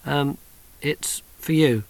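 A man reading aloud, voicing a quiet, thoughtful teenage boy. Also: on the high side, takes it slowly, creaky. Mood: hesitant.

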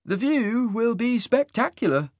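High sing-song immortal judge, eerie, slow, serene, dry close sound. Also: male voice, dry recording, full character voice. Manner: slow, serene, unsettlingly calm.

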